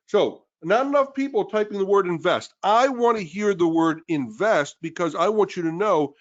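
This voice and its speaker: A man co-hosting a live webinar, making a sales pitch with emphatic, repetitive persuasion. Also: expressive, moderate pace, muffled recording. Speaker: webinar co-host.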